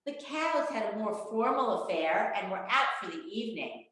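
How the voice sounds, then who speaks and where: A woman reading a children's picture book aloud at storytime, expressive and animated, over a video call. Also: mid-range voice, moderate pace, very echoey, rough recording. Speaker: children's librarian.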